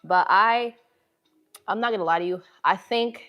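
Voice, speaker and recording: A woman from the northern United States hosts a casual livestream from a gym using a phone camera, talking to viewers in a slangy, chatty way with a northern city accent. Her voice is medium-pitched and fairly bright, with a moderate pace.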